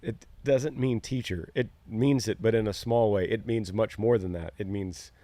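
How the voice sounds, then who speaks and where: A man's voice: on the low side, moderate pace, mellow, dry recording. A middle-aged man, talking earnestly in a casual podcast chat and acting out quoted lines as he tells a story. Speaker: podcast co-host.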